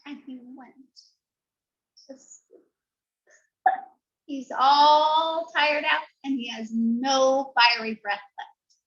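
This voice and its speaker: Slow, high-voiced teacher reading a picture book to small children, animated and drawn-out, dull lo-fi sound. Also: female voice. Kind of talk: storybook read-aloud for young children. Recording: dull lo-fi recording.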